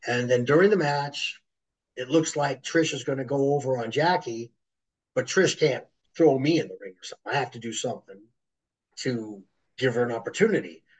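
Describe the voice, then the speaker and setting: A middle-aged man, a former wrestler, telling animated stories as an interview guest and acting out other people's voices. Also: mid-range voice, normal speed, rough recording. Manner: animated storyteller who acts out voices. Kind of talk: storytelling interview.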